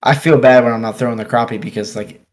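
A man in relaxed conversation, telling a long fishing story with lots of "like" and "dude" and frequent laughs. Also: mid-range voice, fast talker. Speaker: podcast guest angler. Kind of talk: casual storytelling chat. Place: office.

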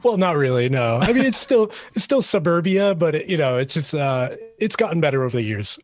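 A man with a light Boston accent, a guest on a casual interview, talking in a relaxed, rambling way and laughing easily. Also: a little high, a little fast. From Billerica, Massachusetts. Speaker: guest, gear reviewer.

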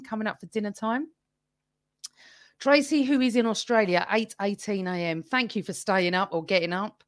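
A woman hosts a live fan podcast by herself, chatting casually and reading viewers' comments aloud. Her voice sits a little high. The sound is close and dry, with no room echo. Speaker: podcast host. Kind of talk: live-stream fan chat.

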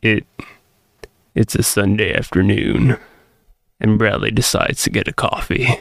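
A man's voice: fairly low pitch, steady tone, unhurried, vocal fry, dry recording. A man co-hosting a comedy podcast, narrating a skit in a laid-back way. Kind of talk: casual comedy banter.

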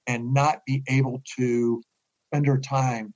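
Older man, animated storyteller. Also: mid-range voice, takes it slowly, lo-fi sound. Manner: animated storyteller, acts out quoted voices. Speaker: guest. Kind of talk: casual interview talk.

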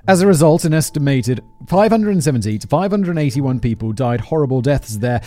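A man's voice: on the high side, warm tone. A man with an English accent hosting a podcast, reading a script aloud and breaking off into rambling, self-deprecating asides. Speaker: podcast host.

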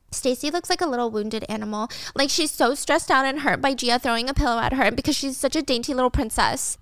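A chatty, blunt woman narrating a casual drama recap and swearing now and then. Her voice is fairly high, and the close recording is dry. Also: expressive, a little fast, few pauses, fairly bright tone, no echo. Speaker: host.

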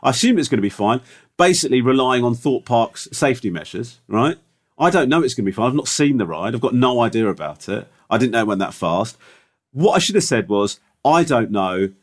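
A middle-aged man spins a story in loose podcast banter. His voice leaps up and down with lively pitch as he stumbles through restarts and fillers. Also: quick pace. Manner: animated, rambling with restarts and fillers. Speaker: podcast co-host. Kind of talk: casual storytelling chat.

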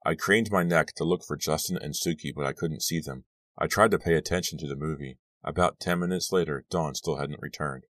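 Super deep guy narrating an audiobook, steady, dry close mic. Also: fairly quick, no room sound, recorded from a distance. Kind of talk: scripted first-person audiobook narration.

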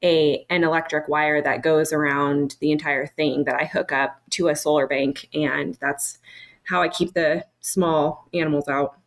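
A woman co-hosting a podcast in casual conversation. Her voice is very low for a woman, and she explains things in a plain, matter-of-fact way. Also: fairly even intonation, unhurried. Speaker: podcast co-host. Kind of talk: casual chat.

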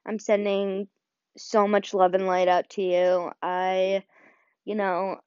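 A woman's voice: medium pitch, flat delivery, slow pace, darkish tone, clear, resonant tone, no room sound. A young woman hosting a solo podcast, talking casually with many fillers and getting choked up at times. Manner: emotional, choked up. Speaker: podcast host. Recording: dull dry audio.

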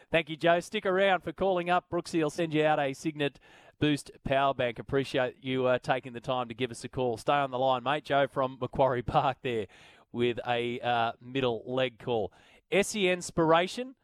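A man with an Australian accent hosting talkback sports radio, chatty, and animated when he reads out listener messages. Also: medium pitch, no room sound.

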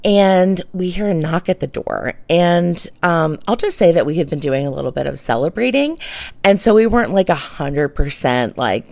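A realtor who hosts a podcast tells a funny story in a casual, chatty monologue that rambles, full of fillers and laughter. Her voice is on the low side, expressive and a little mellow, with vocal fry, at a moderate pace in a dry recording.

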